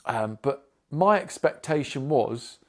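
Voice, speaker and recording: A man from Britain co-hosting a casual podcast chat. He tells stories with plenty of swearing and lively quoted back-and-forth. His voice sits at an ordinary middle pitch. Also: takes it slowly. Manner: swearing, animated storytelling with quoted dialogue. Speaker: podcast co-host.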